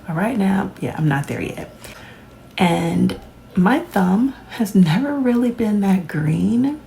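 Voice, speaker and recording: Chatty woman with gravelly fry. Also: mid-range voice, expressive, slow pace, dark tone, slight background noise, poor audio. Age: 40s. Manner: chatty, laughs often, playful asides. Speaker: vlogger. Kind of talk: casual chat to camera.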